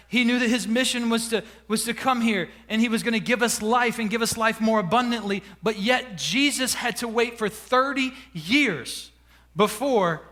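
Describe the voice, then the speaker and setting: A man preaching a sermon as pastor, conversational and playful, drawing out key words slowly for emphasis. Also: sits high, pushed and bright. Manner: conversational preaching with dramatic slowdowns.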